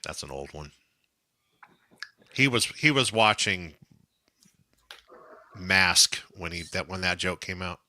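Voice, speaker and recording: A man's voice: low voice, expressive, slow pace, long pauses, sharp tone. A man in casual group chat on a live stream, cracking jokes and teasing the others. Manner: joking, wisecracking.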